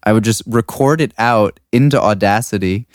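A man's voice: lowish voice, normal speed, no echo. A young man, a music producer, chatting casually with lots of fillers in a studio. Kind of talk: casual chat. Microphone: studio mic.

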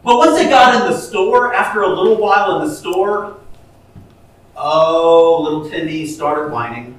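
High-voiced preacher in an echoey hall. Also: male voice, animated, a little slow, far from the mic. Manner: storytelling, repetitive restarts, rising to emphatic peaks. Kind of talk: sermon.

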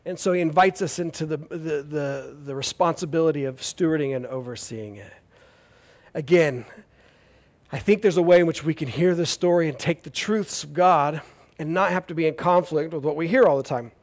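A male pastor with a high voice gives a sermon. He tells his stories in an animated, jokey way, and he keeps it conversational with lively, humorous asides. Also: moderate pace.

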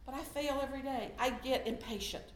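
A middle-aged woman giving a sermon in a conversational way, swinging from loud emphasis down to soft, hushed tones. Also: high-pitched, brisk, roomy sound, a little hiss or hum. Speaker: lay preacher.

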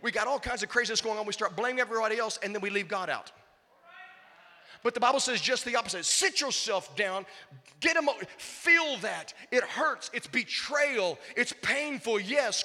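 A man preaching a sermon as pastor, emphatic, swinging from shouts to hushed intensity. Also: high voice, animated, normal speed, in a large hall.

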